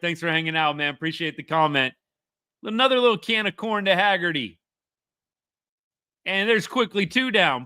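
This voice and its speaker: A man's voice: sits high, sharp tone, dry recording, clean studio sound. A man hosting a casual live reaction stream, chatty and upbeat as he reads viewer comments. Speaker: livestream host.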